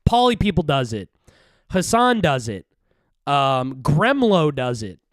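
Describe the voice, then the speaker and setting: A man's voice: fairly high pitch, big pitch swings, unhurried, dry recording, studio quality. A man streaming casual commentary, rambling and profane, jumping between topics.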